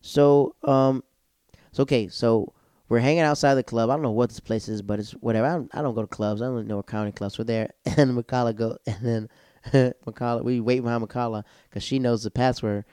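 A young man comedian telling a rambling, animated story and reviewing a show in a casual chat. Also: medium pitch, brisk, smooth, no echo. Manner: rambling, animated, acts out quotes. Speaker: comedian vlogger.

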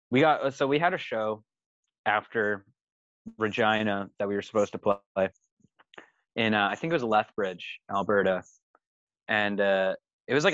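A man's voice: lowish voice, a bit bright, dry recording, highs cut off. A man in casual podcast chat, telling a tour story with lots of swearing and laughter. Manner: swears a lot, laughs through his story. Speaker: touring musician telling a story.

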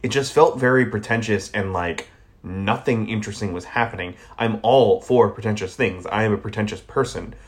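A man's voice: on the low side, normal speed. A man from the American South co-hosting a movie podcast, giving blunt, sardonic and profane takes on films. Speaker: podcast co-host. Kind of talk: casual movie podcast chat.

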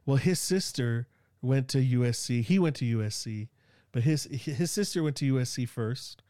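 A man's voice: mid-range voice, moderate pace, mellow, no echo, studio quality. A man from Sacramento with a Northern Californian accent, chatting casually and rambling with lots of fillers and slang. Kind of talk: casual chat.

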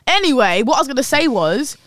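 Fast-talking woman gossiping. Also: high voice, no echo, clean studio sound. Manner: animated storytelling, acting out quotes. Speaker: podcast co-host. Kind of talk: casual chat.

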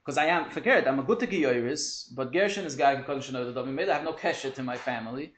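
A man teaching a lively text study class, quick and animated, mixing in Hebrew and Yiddish terms. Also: mid-range voice, reverberant, slight background noise.

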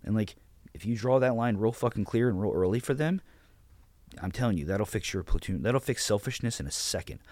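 A man's voice: fairly low pitch, lively intonation, brisk, a little mellow, no echo. A blunt, profane man in his thirties, a podcast guest telling stories about how he ran his platoon. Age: 30s. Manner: blunt, profane, retells his own orders. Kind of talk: casual interview storytelling.

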